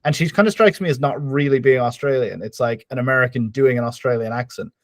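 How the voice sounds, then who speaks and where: A man co-hosting a podcast in casual chat, with deadpan ironic humor. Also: medium pitch, quick pace, dry recording. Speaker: podcast co-host.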